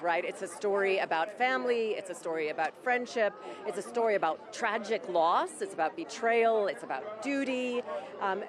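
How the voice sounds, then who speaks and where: A woman giving a live interview outdoors, upbeat and polished in her answers. A lively crowd buzzes close around her. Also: medium pitch. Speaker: company executive. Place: outdoor red carpet event at a shopping centre.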